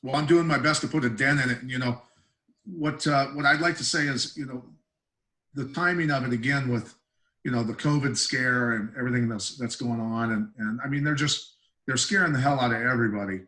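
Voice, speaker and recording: A man's voice: mid-range voice, brisk, sharp tone, reverberant. A man hosting a casual video call, affirming and conversational. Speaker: host. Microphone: video call microphone.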